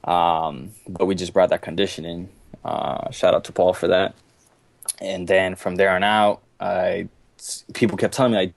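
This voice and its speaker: Man in his 20s from boston, laid-back, rambling, very low voice, dry. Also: flat delivery, normal speed, gravelly, no room sound. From Boston, USA. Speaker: guest athlete. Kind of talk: casual podcast chat.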